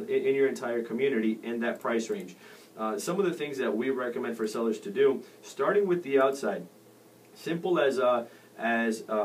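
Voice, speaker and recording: A middle-aged man talks through real estate advice on a radio show. He wanders, restarts his sentences and leans on fillers. His voice sits a little far from the mic, with a faint hiss under it. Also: mid-range voice. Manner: rambling with many fillers and restarts. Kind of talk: casual radio advice talk. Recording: distant mic with faint noise.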